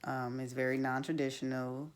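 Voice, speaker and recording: A woman's voice: extremely low pitch, little pitch movement, moderate pace. A woman recapping a reality TV episode in a blunt, chatty way, full of fillers and frank opinions. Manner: blunt, chatty, many fillers like "like" and "you know". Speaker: TV show reviewer.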